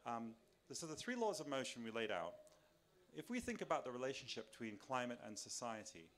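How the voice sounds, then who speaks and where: Man giving a conversational live lecture. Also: mid-range voice. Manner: conversational, thinking aloud with restarts and rhetorical questions; moves around while speaking. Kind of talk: public lecture to a live audience. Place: large tent at a summer camp. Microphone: filmed by a camera.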